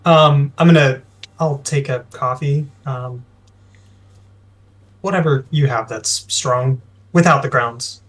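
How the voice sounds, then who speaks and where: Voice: medium pitch, slow pace, long pauses. A player in a tabletop game, speaking in a dry, skeptical way. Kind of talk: casual tabletop game play.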